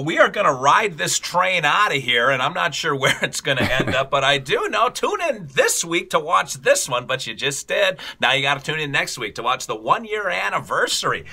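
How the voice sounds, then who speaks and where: A man's voice: a little high, gravelly, pushed and bright. A man co-hosting a playful mock debate, teasing and mock-angry, often laughing. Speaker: debate show co-host. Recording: music playing behind.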